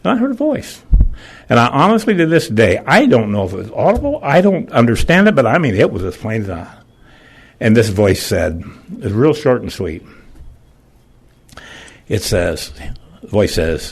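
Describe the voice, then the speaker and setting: A man's voice: mid-range voice, sing-song, normal speed, pauses often, husky. An older man giving a plain-spoken, emotional personal testimony in church, with folksy phrasing.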